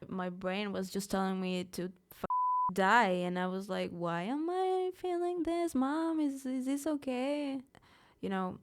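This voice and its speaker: A woman's voice: medium pitch, smooth. A young woman from Mexico, a singer, speaking openly and emphatically in a live interview, often restarting her words. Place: live event in a studio.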